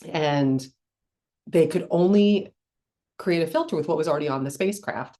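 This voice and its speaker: Chewing on a cough drop, a middle-aged podcast host explains ideas on her own, casually, with restarts and ums. Her voice is low with a darkish tone.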